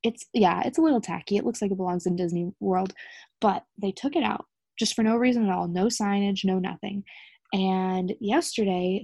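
A woman's voice: mid-range voice, vocal fry, mellow, no echo. A woman co-hosting a casual podcast over a video call, chatty and scattered, often laughing. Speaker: podcast co-host.

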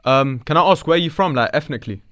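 A man's voice: on the high side, quick pace, a bit bright. A man co-hosting a podcast, trading jokes in slangy banter. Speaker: podcast co-host. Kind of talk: casual podcast chat.

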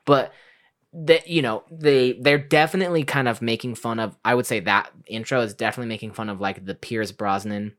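A man co-hosting a casual podcast about movies, talking in lively bursts and swearing freely. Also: medium pitch, brisk. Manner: animated, swears freely, acts out quotes in bursts. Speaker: podcast co-host.

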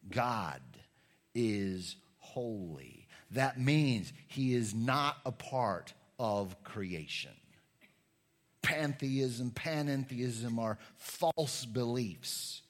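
A man preaching a sermon, teaching with animated emphasis and casual asides. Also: medium pitch. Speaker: pastor.

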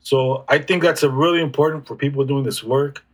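A man speaking as an interview guest, reflective and halting, with frequent restarts. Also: mid-range voice, steady tone. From United States. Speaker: guest healer. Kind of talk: casual conversational interview.

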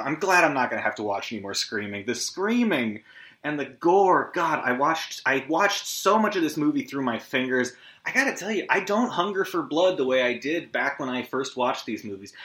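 A man's voice: mid-range voice, a bit bright. A man hosting a solo movie recap podcast, rambling and scattered, swearing often and making self-deprecating asides, on a lo-fi recording. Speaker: podcast host. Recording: lo-fi echoey room.

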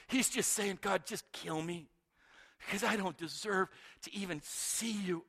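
A man preaching a sermon, swinging from loud urgent calls to hushed near-whispers and often repeating words. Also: sits high, moderate pace, gravelly, husky. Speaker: pastor.

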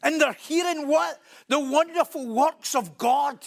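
A man's voice: extremely high pitch, a little slow, gravelly. A man preaching a sermon, emphatic and repeating key phrases for stress.

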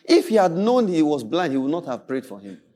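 Male pastor, high and animated, playful sermon storyteller. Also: a little fast. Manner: animated storytelling preacher, acts out quoted voices, laughs often.

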